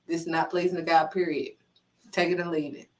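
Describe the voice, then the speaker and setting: A woman giving a casual inspirational faith talk as a vlogger, animated and acting out dialogue as she speaks. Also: deep voice, a little fast, recorded from a distance, low-quality recording. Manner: animated, acts out quoted dialogue.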